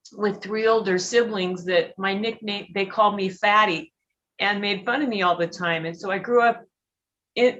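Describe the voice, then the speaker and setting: A woman giving an emotional, halting personal share at a recovery meeting, teary and sniffling, with many fillers and restarts. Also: mid-range voice, a bit bright, lo-fi sound. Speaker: guest speaker at a recovery meeting.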